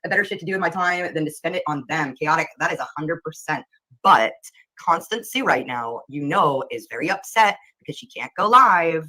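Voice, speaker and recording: A woman's voice: sits low, lively intonation, fairly quick, pushed and bright, rough recording. A woman hosting a casual livestream, chatting and greeting viewers by name. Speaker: livestream host.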